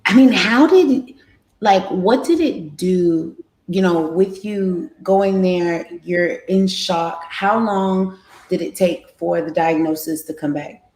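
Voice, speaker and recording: A woman hosts a live interview, speaking slowly in a lowish voice. She stops and restarts often while she hunts for the right words. Her voice rings in an echoey room. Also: darkish tone. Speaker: interview host.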